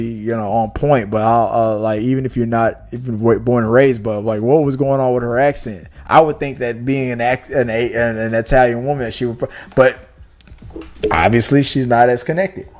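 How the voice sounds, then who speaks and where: A man hosting a casual movie podcast, talking in an animated way with many restarts. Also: mid-range voice. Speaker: podcast host.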